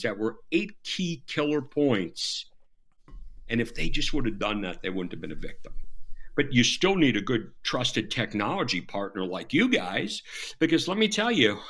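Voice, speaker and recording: A man's voice: medium pitch, fairly bright tone. A middle-aged man with a Southern American accent, speaking as a guest on a video call about his years in law enforcement, emphatic and sarcastic. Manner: emphatic, storytelling, self-deprecating and sarcastic. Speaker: guest, former FBI agent turned cybersecurity speaker. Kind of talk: animated interview conversation.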